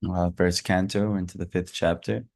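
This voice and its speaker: A man with hiccups giving a casual scripture lesson, halting often with fillers and restarts. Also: low-pitched, little pitch movement, gravelly. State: has hiccups. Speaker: scripture class teacher.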